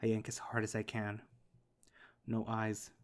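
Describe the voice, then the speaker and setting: Low-voiced man reading a story. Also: completely flat delivery, unhurried. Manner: emotional, intimate. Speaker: narrator. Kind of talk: dramatic first-person reading of a visual novel.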